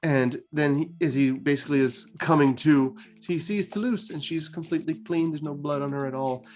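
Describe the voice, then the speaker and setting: A man's voice: fairly high pitch, moderate pace, darkish tone. A man hosting a gaming channel, retelling a story casually and chattily, with lots of filler words.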